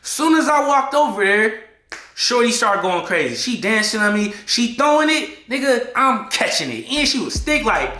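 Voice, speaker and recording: A man vlogging an excitable storytime in heavy slang, acting out what people said. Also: very high voice, normal speed. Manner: slangy, excitable, acts out quotes. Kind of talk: animated storytime. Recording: echoey room, faint music behind.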